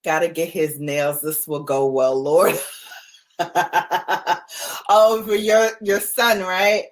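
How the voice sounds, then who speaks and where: A woman's voice: on the low side, steady tone, takes it slowly. A middle-aged woman hosting a casual livestream, chatty, laughing often and answering viewer comments. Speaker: livestream host.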